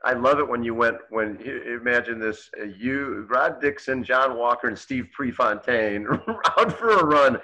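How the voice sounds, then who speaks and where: A man hosts a casual interview with an eager manner, laughing along as he prompts his guest. His voice is bright and forward, at a middle pitch. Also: expressive, measured pace, hardly any pauses, poor audio. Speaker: host.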